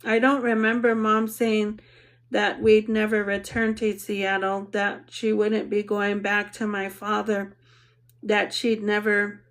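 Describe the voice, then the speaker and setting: A woman narrating an audiobook in the first person, reading in a measured, reflective way. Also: mid-range voice.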